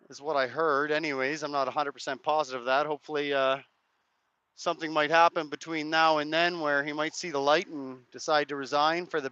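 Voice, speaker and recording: A man from Canada with a cracked, hoarse voice, rambling casually to viewers while live-streaming from a street rally. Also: fairly high pitch, sharp tone, no room sound, lo-fi sound. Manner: rambling, hedging, chats to viewers' comments.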